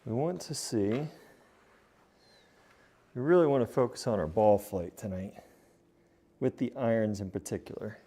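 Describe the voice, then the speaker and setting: A man's voice: on the low side, moderate pace, pauses often, dark tone. A man streaming from his home golf simulator, casually talking viewers through his practice swings and repeating his points. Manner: coaching, talks to viewers as a group, repeats himself. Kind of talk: casual commentary while hitting practice shots.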